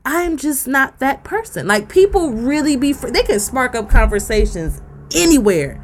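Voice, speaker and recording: A woman's voice: high-pitched, sing-song, normal speed, a little hiss or hum. A woman, co-hosting a podcast and ranting bluntly with profanity. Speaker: podcast co-host. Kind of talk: casual rant on a podcast.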